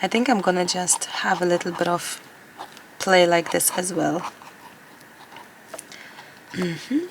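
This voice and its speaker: A woman in a casual crafting vlog, talking to camera as she works. Her voice is hoarse and gravelly and sits on the low side. She rambles chattily and laughs often, with a faint hiss in the background. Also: slow pace, long pauses. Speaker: collage artist and craft vlogger.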